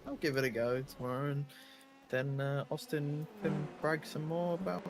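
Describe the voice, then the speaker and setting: A man's voice: a little high, level tone, normal speed, noisy background. A man co-commentating a sim race in casual, playful banter, teasing his partner. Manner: playful, teasing, laughs often.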